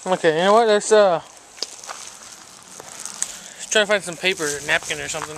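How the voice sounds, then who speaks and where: A man chatting loosely to a handheld camera for his vlog, his voice pitched fairly high. He rambles, circles back to the same questions and leans on "y'all". A faint hiss of noise sits under the recording. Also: very fast, creaky, fairly bright tone. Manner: rambling, repeats himself, says y'all. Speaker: vlogger. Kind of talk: casual vlog chat. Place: outdoors in hot weather.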